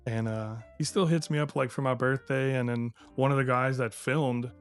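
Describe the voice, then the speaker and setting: A man's voice: mid-range voice, steady tone, normal speed, clean tone, faint music behind. A man with a Cajun accent from Louisiana, a podcast guest chatting casually and telling stories. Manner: chatty, acts out other people's lines in quotes. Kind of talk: casual storytelling chat.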